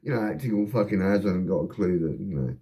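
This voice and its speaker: A man telling a rambling, heavily sworn personal anecdote in a casual, animated way. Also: deep voice, quick pace. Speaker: storyteller.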